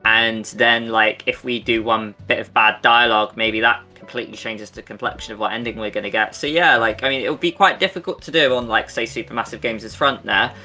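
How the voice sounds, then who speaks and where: A man's voice: medium pitch, brisk, hardly any pauses, sharp tone, soft background music. A man co-hosting a podcast, chatty and enthusiastic, with casual swearing. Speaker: podcast co-host. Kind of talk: casual Q&A chat.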